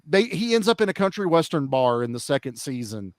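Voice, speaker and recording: A man's voice: fairly high pitch, sing-song, a little fast, dry recording, studio quality. A man guesting on a casual podcast chat, talking enthusiastically and swearing freely.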